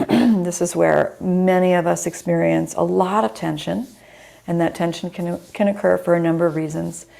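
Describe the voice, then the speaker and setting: A middle-aged woman teaching a chair yoga class over a video call, giving calm guiding cues and naming students as she goes, with a slightly scratchy voice. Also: on the low side, normal speed, gravelly. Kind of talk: live online yoga class instruction.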